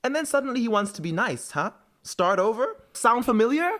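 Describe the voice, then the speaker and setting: A man's voice: big pitch swings, fairly quick, full character voice. A man voicing a furious young witch. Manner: raising pitch into a sharp, tearful female voice. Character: furious young woman witch confronting a friend.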